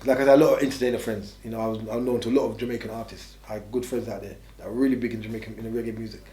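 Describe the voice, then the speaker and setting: Fast-talking blunt man, roomy sound. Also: on the low side, fairly even intonation, dark tone. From England. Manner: blunt, rambling, restarts a lot. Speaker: interviewee. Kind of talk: candid storytelling. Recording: roomy echo.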